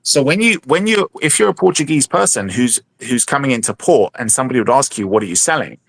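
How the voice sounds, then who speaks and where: A man's voice: mid-range voice, lively intonation, fast, vocal fry, a bit bright, no echo. A man explaining things at length in a casual podcast discussion, with many hesitant restarts.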